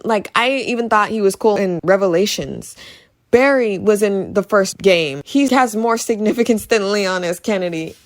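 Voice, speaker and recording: A woman giving a casual, sarcastic movie review, ranting and repeating herself for emphasis. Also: medium pitch.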